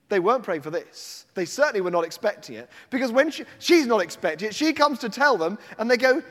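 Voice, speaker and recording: A man's voice: sits high, very animated, brisk, hardly any pauses, a bit bright, big-room sound. A man preaching a sermon, telling the story animatedly and slipping into acted voices.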